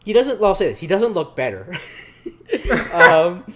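A man's voice: high voice, big pitch swings, very noisy. A man co-hosting a podcast, recapping a TV episode in casual chat, rambling with lots of fillers. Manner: rambling, filler-heavy, slips into quick voice impressions. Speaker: podcast co-host.

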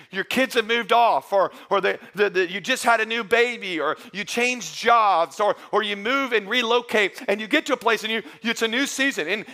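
A middle-aged male pastor preaches a sermon in a church service, his high voice bright and forceful. He talks earnestly and conversationally, often restarting and repeating words.

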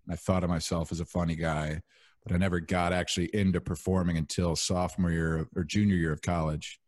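Low-voiced young man, laid-back podcast host. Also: fast talker, no room sound. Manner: relaxed, rambling, full of fillers. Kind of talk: casual podcast chat.

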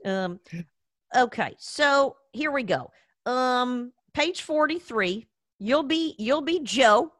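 A woman hosting a show, talking in a lively, teasing way in casual chat. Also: high-pitched, slow pace, no room sound. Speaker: podcast host.

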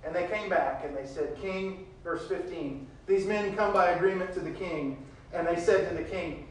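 A man preaching a sermon, reading scripture verses aloud and retelling them with big swings between loud and quiet. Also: a little high, moderate pace, heavy reverb, far from the mic, poor audio.

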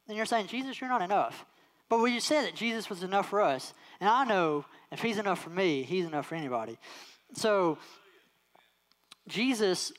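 A preacher delivers a sermon to a congregation. The delivery leans on repetition, says key phrases again and again, and slows right down on the words meant to land. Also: mid-range voice. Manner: repeats key phrases for emphasis and acts out quoted voices.

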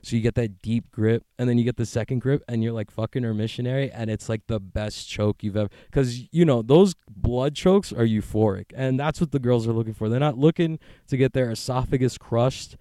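A man holding forth in a loose, meandering monologue, cursing freely and cracking jokes. His voice sits at an ordinary pitch and is recorded close and dry, with no room sound around it. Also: fairly quick, few pauses, mellow, no echo. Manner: profane, joking, rambling. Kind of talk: casual rambling monologue.

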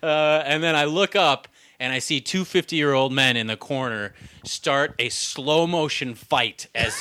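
A man's voice: fairly high pitch, a little slow. A man telling funny stories in a casual podcast chat, laughing often and acting out what people said. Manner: animated, laughs often, acts out quotes.

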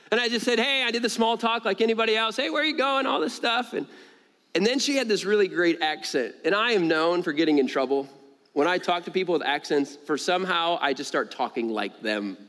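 A man preaching a sermon to his congregation, animated, jumping higher in pitch to stress a point and laughing between stories. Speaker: pastor. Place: church sanctuary. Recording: long reverb of a large church hall.

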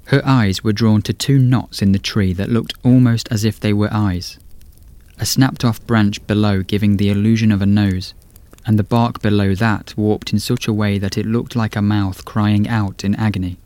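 A man reading a scripted horror story in a measured, atmospheric way as host of a podcast. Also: fairly low pitch, steady tone, warm tone, no room sound.

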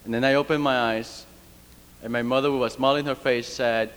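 A man's voice: medium pitch, fairly even intonation, brisk, fairly bright tone, clear, resonant tone. A man from Cuba giving an earnest, reflective personal talk, with fillers and restarts. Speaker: speaker. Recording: long reverb of a hall.

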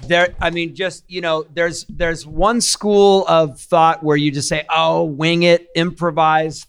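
A man speaking as a guest in a casual chat, halting and repeating words as he gets his thoughts out. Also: mid-range voice, a bit bright, clear, resonant tone. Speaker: actor, guest.

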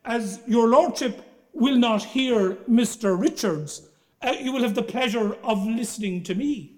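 Guy reading out a cheeky quick-tongued barrister from way back, talking back to the judge, highish voice. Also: darkish tone. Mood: defiant. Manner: defiant, quick retorts. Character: bold, witty male 19th-century barrister.

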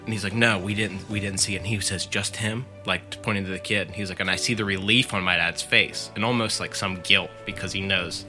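The podcast co-host has a deep voice and fairly even intonation, moving briskly with hardly any pauses as music plays. He casually recounts a story for friends, leaning heavily on "like" and "he said."

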